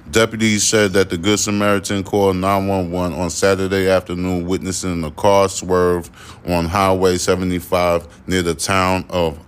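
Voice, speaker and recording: A man hosts his own podcast from Houston and talks straight into the mic in a fairly low voice. His delivery is loud and profane, and he rants in a cynical, offhand way. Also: clear, resonant tone. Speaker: podcast host. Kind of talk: solo podcast commentary. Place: Houston, Texas.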